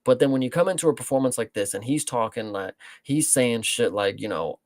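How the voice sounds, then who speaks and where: Gravelly, blunt-talking man. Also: medium pitch, expressive, brisk, few pauses, dry recording. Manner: blunt, profane, rambling. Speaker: podcast co-host. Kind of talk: casual sports chat.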